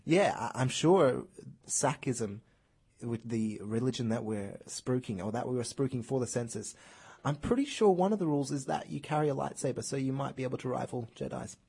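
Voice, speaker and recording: A man's voice: medium pitch, animated, fairly quick, mellow. A man hosting a casual radio show, joking at his own expense and steering the segments. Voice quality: husky. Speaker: radio host. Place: radio studio.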